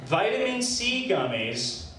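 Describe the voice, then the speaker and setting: A young man doing a stand-up set with a deadpan, self-deprecating, halting delivery, recorded at a small open mic. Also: high voice. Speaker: stand-up comedian. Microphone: handheld stage mic, recorded by a far camera. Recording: echoey room, distant camera, light background noise. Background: faint room ambience.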